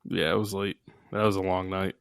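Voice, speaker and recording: A man's voice: low-pitched, flat delivery, fairly quick, smooth, no echo, clean studio sound. A man co-hosting a podcast, chatting in an easygoing, agreeable way. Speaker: podcast co-host. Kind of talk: casual chat.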